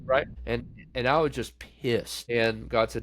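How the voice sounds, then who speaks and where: A man's voice: fairly even intonation, measured pace, no echo. A man, a pastor, telling his story of grief and faith candidly in a podcast interview, in a plain conversational way. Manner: candid, conversational, acts out quoted voices; falls quiet and low when recounting grief.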